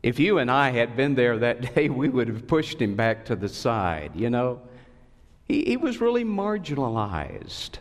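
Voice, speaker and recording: A man preaching a sermon as a pastor, telling a story with expressive swings and sudden high cries. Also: unhurried. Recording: long reverb of a large hall.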